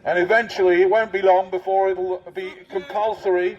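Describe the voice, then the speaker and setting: Man doing a satirical street bit; high voice, muffled outdoor camera audio. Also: little pitch movement, normal speed. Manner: mock-officious, teasing, addresses passers-by. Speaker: street prankster posing as covid marshal. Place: busy city street outdoors. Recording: dull lo-fi street recording.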